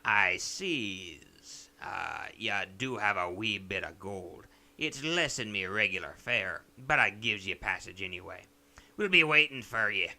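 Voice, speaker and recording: A man's voice: on the low side, animated, unhurried, bright, forceful tone, pitched below the performer's own voice, exaggerated voice. A man voicing a drunken, greedy pirate captain in a video game, slurring his words in a drawling pirate manner. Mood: gruff.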